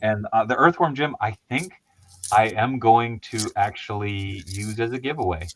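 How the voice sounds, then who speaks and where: A man's voice: fairly low pitch, normal speed, slight background noise, rough recording. A man hosting a casual chat about toys, rambling and laughing at himself. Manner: rambling, laughs often, self-deprecating. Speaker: host.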